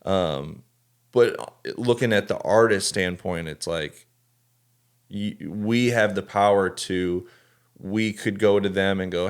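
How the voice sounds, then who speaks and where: A man's voice: deep voice, slow, clear, resonant tone. A man who works as a tour photographer and videographer, talking earnestly in a casual podcast chat and often restarting his sentences.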